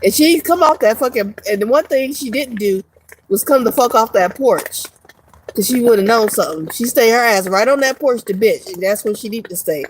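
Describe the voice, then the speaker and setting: A woman's voice: a little high, animated, moderate pace, a little hiss or hum, low-quality recording. A woman vlogger ranting casually to her viewers, profane and rambling, laughing often. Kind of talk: casual rant to camera.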